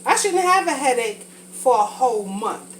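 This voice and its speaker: A woman's voice: on the high side, very animated, moderate pace, a little hiss or hum, rough recording. A woman talking casually and frankly while cooking for a vlog, rambling from thought to thought, a little congested from a sinus infection. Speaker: vlogger.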